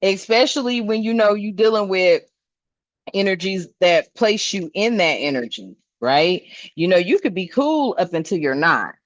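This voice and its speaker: A woman's voice: mid-range voice, big pitch swings, moderate pace, no room sound. A woman doing a tarot reading in a casual chat, laughing often and swearing freely in slangy speech. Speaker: tarot reader. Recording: dull, slightly lo-fi sound.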